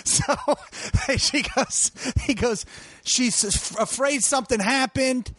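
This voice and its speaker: High-voiced man telling a profane story. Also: takes it slowly, no room sound. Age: 40s. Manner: profane, animated storyteller acting out quotes. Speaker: comedian guest. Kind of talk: casual podcast storytelling.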